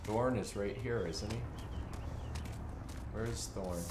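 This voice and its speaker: A man's voice: lowish voice, slow pace. A man playing a military shooter with friends, talking casually and getting panicky under fire. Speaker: gamer. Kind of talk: casual gameplay chat. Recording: echoey room with loud game noise.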